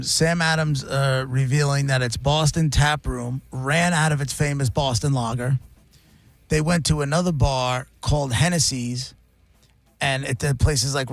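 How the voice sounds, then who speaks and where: Gravelly-voiced male radio host. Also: medium pitch, no room sound. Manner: chatty, recaps news stories with asides. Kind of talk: casual talk radio chat. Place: radio studio. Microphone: studio mic.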